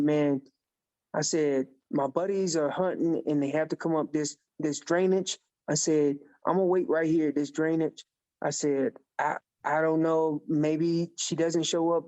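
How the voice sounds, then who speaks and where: A man guest on a podcast, telling a hunting story in a casual, animated way and acting out the dialogue. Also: on the high side. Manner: animated storyteller who acts out quoted dialogue. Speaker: podcast guest, elk calling champion.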